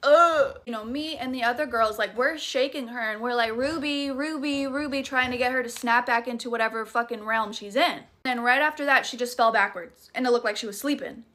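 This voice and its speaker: A woman's voice: fairly high pitch, fairly quick, few pauses, bright, forceful tone. A woman with a Southern US accent telling a spooky personal story in a chatty, profane, dramatic way. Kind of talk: casual storytime vlog.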